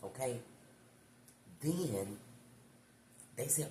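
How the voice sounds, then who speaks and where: A woman tarot reader telling a story to her viewers in a chatty, animated, profane way, calling them y'all. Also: very deep voice, normal speed. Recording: echoey room with background noise.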